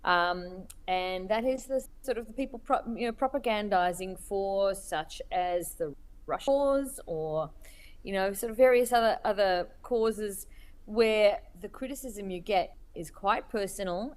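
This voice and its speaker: A woman being interviewed as a cartoonist, speaking in a thoughtful, halting way as she searches for words. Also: mid-range voice. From Australia. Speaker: cartoonist guest. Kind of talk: reflective interview talk.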